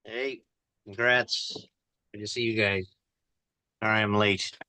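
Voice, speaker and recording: A man's voice: fairly low pitch, steady tone, slow, sharp tone, no echo. A man chatting casually on a video call, hesitant, with many restarts.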